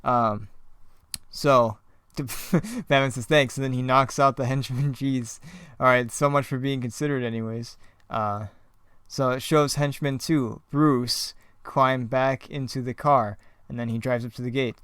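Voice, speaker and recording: A man's voice: mid-range voice, fairly even intonation, unhurried, a bit bright, clean tone, dry recording, clean studio sound. A young man reading his own old comic script aloud, mocking it and laughing at his writing. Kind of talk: comedic script reading with commentary.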